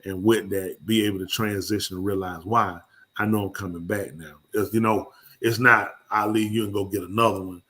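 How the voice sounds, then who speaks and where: Bright-voiced man chatting casually. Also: normal speed. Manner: animated storyteller, jumps high when telling stories. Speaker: podcast host. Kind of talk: casual call-in chat.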